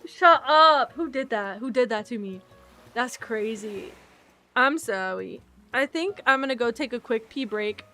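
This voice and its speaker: A woman streamer chatting casually while gaming. She rambles and is self-deprecating, teary and quick to laugh. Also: on the high side, pushed and bright, faint music behind. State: teary, emotional.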